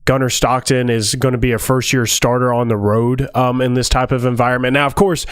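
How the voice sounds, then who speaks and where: Smooth-voiced measured male co-host. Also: medium pitch, little pitch movement, dry recording, studio quality. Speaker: podcast co-host. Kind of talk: casual sports analysis.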